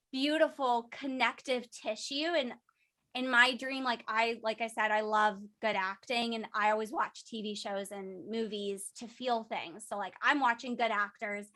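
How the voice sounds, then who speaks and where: Bubbly young actress type, high and bright, chatty and emotional. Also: female voice. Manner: bubbly, emotional, talks with lots of "like". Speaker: voice actress and singer. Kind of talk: casual interview answers.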